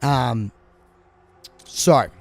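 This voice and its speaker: A man's voice: medium pitch, extremely slow, a little mellow, no room sound, soft background music. An Australian man with a sore throat, rambling through a crude story while co-hosting a gameplay video. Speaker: gaming video co-host. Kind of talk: casual gameplay chat.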